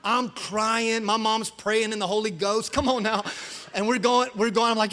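High, bright-voiced storytelling pastor. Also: male voice, moderate pace. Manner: animated, acts out quotes with shouts and laughter. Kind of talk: storytelling sermon. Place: church sanctuary. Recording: long church hall reverb.

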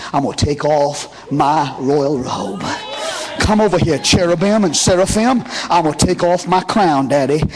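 Preacher voicing Jesus, earnest pleading son. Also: male voice, fairly high pitch. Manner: earnest, repeating "Daddy" in pleading tones. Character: Jesus, grown son pleading to his father.

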